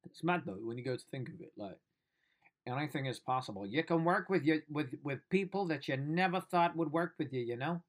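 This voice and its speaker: Man, casual video diary, excitable, slangy, self-mocking. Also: fairly high pitch, a little fast. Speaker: comedian vlogger.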